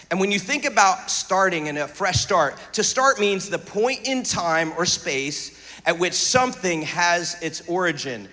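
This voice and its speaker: A man preaching a sermon, energetic and conversational, with joking asides. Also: sits high, unhurried. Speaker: pastor. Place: church hall. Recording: live hall reverb.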